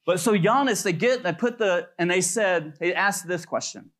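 A pastor preaching a sermon in a loose, conversational way, telling stories with plenty of fillers. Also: male voice, sits high, normal speed, a bit bright. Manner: conversational storytelling with many fillers.

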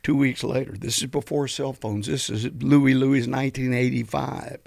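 A man, a veteran musician telling animated stories and preaching about the music business in a podcast interview. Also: mid-range voice, moderate pace, creaky, dry recording, clean studio sound. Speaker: guest musician.

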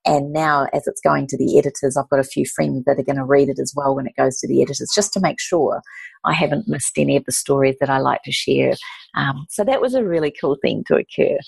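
A woman's voice: extremely low pitch, brisk, gravelly, husky, no echo. A woman in her forties, an author talking about her book with her writing coach in casual, effusive storytelling. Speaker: author and guest.

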